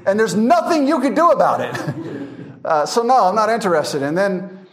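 A man's voice: high voice, normal speed. A man teaching a verse-by-verse Bible class, telling funny stories with frequent laughter. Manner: laughing storyteller, animated anecdotes.

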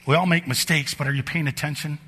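A middle-aged man preaching a sermon in a church, telling personal stories in an animated way that climbs higher and louder as the story builds. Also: fast, slightly rough. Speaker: pastor. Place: church sanctuary. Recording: long hall reverb.

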